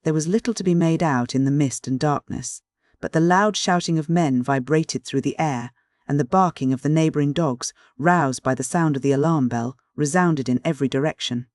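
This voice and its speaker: A man narrating a classic novel as an audiobook in a measured, even storytelling manner. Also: fairly high pitch, no echo, studio quality.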